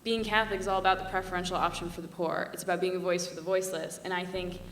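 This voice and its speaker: A woman's voice: on the low side, little pitch movement, very fast, background noise. A young woman, a student panelist, giving an earnest, passionate panel talk, chatty with lots of "like", recorded from a distance in a hall. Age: young adult. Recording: echoey hall from far off.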